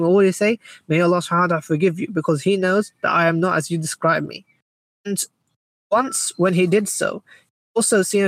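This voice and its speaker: High-voiced man giving a casual religious talk. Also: no room sound, low-quality recording. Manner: conversational, many fillers and restarts. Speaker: Islamic speaker.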